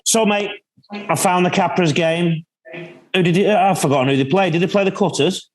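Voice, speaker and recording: A man's voice: high-pitched, low-quality recording. A man with an English accent, a rugby league analyst chatting casually and joking at his own expense from a hotel room. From England. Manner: chatty and jokey, quick to laugh at himself. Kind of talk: casual chat.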